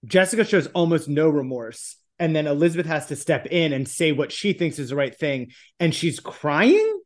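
A man's voice: a little high, big pitch swings, normal speed. A man co-hosting a podcast, making wry remarks and reading book passages aloud. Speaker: podcast co-host. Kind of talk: casual comedic book discussion.

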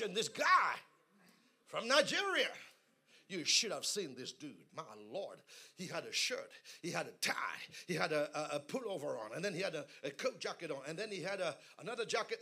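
A man preaching a sermon in a church service, telling humorous stories and leading the congregation in call-and-response that builds to shouting. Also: sits high, sing-song, brisk, slightly rough. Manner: humorous storytelling asides. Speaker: guest preacher.

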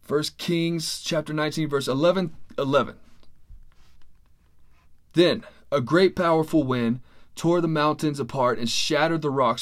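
An earnest man delivers a sermon in a conversational tone, his voice sitting at an ordinary middle pitch. He speaks plainly and sincerely, and he often doubles back on his words as he explains each point. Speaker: pastor.

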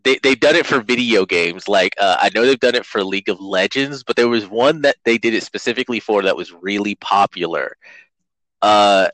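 A man's voice: on the low side, normal speed, fairly bright tone, no echo, rough recording. A man co-hosting a casual podcast chat, talking bluntly and opinionated, swearing when worked up. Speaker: podcast co-host.

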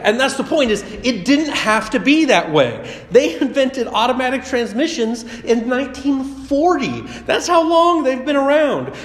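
Guy preaching a sermon, chatty and high-pitched, really echoey church room. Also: sing-song, unhurried, few pauses. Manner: conversational and chatty, with personal stories. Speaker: pastor. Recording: echoey hall reverb.

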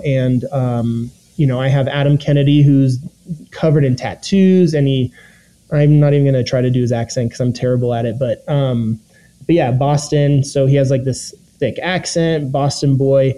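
A young man recalls his time on a competition show in a loose, rambling way, full of ums and quoted asides. His voice is deeply mellow and warm, with a middling pitch. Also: fairly even intonation, normal speed, highs cut off. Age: young adult. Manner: rambling, filler-heavy, quotes his own thoughts. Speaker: former reality competition contestant. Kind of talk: casual recounting in an interview.

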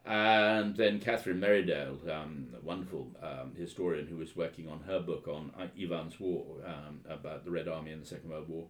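A man with a very low voice tells stories about his work in a relaxed interview. He hesitates often, circles back with ums and restarts, and keeps a wry tone. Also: brisk, few pauses. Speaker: historian and author. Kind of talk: anecdotal interview storytelling.

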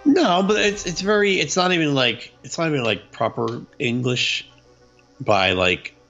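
A man's voice: a little high, lively intonation, a little slow, bright, forceful tone. A man in casual chat who talks animatedly and breaks into mock voices. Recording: dull lo-fi recording with faint music.

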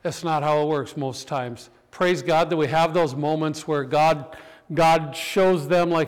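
Male preacher, high and clear-voiced, animated storyteller; sermon in a reverberant hall. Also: measured pace. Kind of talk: sermon with personal stories.

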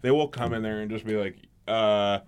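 A man's voice: fairly low pitch, normal speed, clean tone. A man co-hosting a casual podcast, ranting with lots of swearing as he retells stories about customers. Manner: profane, ranting, animated retelling with mimicked customers. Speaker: podcast co-host. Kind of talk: casual chat.

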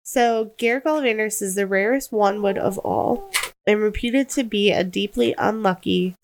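A woman's voice: medium pitch, moderate pace, a little hiss or hum, rough recording. Tired woman in casual chat. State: tired, yawning. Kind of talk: casual chat reading aloud.

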